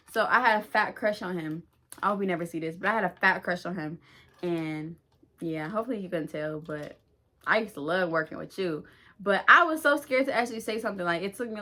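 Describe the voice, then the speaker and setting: Brief: young woman vlogger, low-ish voice, casual slangy storytime. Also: sharp tone. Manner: chatty, slangy, laughs at herself.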